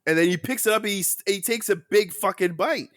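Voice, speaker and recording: A man's voice: sits high, fairly quick, a bit bright, dry recording, studio quality. A man co-hosting a podcast in casual chat, telling stories animatedly and swearing freely. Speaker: podcast co-host.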